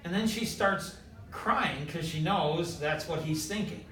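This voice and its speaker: A man telling a story in casual talk as host, animated and full of "like", heard from afar in an echoey room. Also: on the high side, a little slow, far from the mic. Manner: animated, quotes others in short bursts, filler "like".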